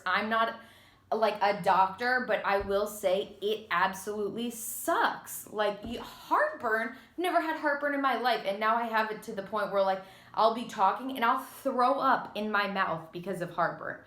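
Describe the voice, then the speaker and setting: A young pregnant woman vents in a casual vlog, short of breath and sighing between dramatic, sarcastic complaints. Her voice sits at a middling pitch and bounces off the walls of an echoey room. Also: lively intonation, normal speed, fairly bright tone. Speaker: vlogger. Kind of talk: candid casual vlog rant.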